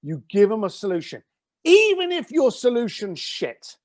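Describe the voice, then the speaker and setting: A man's voice: sits high, huge pitch swings, normal speed, no echo, studio quality. A middle-aged man, a business founder, telling blunt, emphatic stories as an interview guest and swearing casually. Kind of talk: conversational interview storytelling.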